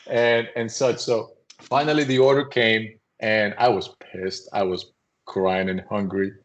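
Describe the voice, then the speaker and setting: A man, a company CEO, telling anecdotes in a casual, animated podcast conversation and acting out voices as he goes. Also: fairly low pitch, measured pace. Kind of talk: casual storytelling.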